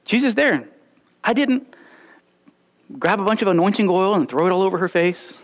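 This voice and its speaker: A man's voice: high voice, expressive, normal speed. A young man preaching a sermon, emphatic and full of rhetorical questions and stories. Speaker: pastor.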